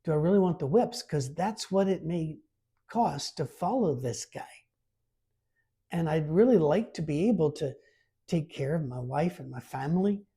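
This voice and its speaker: A male pastor giving a sermon in an easy, conversational way. His voice is warm and a little husky, and he leans into scripture readings with extra emphasis. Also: a little high, a little slow. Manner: informal and lively, reads scripture aloud with emphasis.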